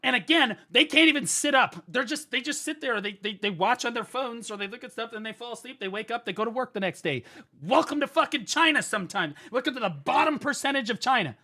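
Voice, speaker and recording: Give me an American male streamer telling a rambling, profane story in a bright, tense voice. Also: very high voice, quick pace. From United States. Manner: animated, swearing, storytelling. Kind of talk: profane comedic rant on stream.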